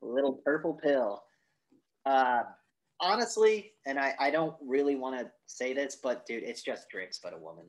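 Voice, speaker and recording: A man co-hosting a podcast, casually recapping a movie in a rambling, profane way and acting out lines in high voices. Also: lively intonation, moderate pace. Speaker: podcast co-host.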